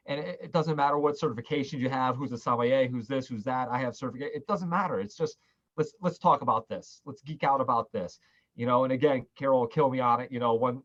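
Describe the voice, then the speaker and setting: A man's voice: mid-range voice, fairly bright tone. Chatty man on a muffled video call. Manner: enthusiastic storyteller, quotes people. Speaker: wine shop host of virtual tasting. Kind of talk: casual chat.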